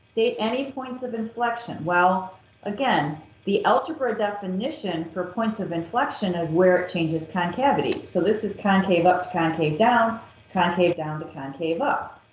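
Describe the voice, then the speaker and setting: A woman math teacher working through a calculus problem step by step, patient and methodical. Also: medium pitch. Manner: slow, patient, step-by-step explaining. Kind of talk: recorded calculus lesson. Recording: echoey, dull lo-fi classroom recording.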